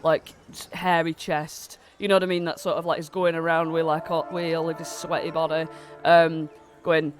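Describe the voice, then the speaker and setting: A man's voice: fairly high pitch, fairly even intonation, moderate pace, music in the background. A man narrating as game master of a tabletop game, rambling with lots of fillers while he has a cold.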